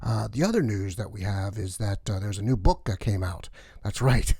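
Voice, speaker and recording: Guy doing a gossipy space station cleaner, rambly and chatty, low mellow voice, dry sound. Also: animated, normal speed, slightly rough, no echo. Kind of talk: comic character sketch.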